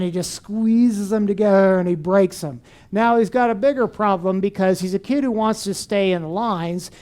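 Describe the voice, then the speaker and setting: A man gives a storytelling talk on helping children solve problems. His voice is mellow and warm, and his delivery is animated, full of questions thrown to the listeners. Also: high-pitched, clean tone. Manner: animated storyteller who asks the audience questions. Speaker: speaker on teaching and parenting.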